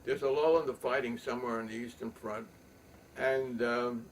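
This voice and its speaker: An older man telling a long rambling story, halting with many ums and restarts. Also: mid-range voice, fairly even intonation. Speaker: poet and storyteller. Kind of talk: rambling spoken reminiscence. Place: home loft. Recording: distant mic, faint room noise.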